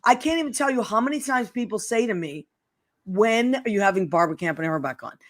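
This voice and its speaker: A woman's voice: mid-range voice, expressive, quick pace. A woman hosting a casual chat show, gushing and affectionate. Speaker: host.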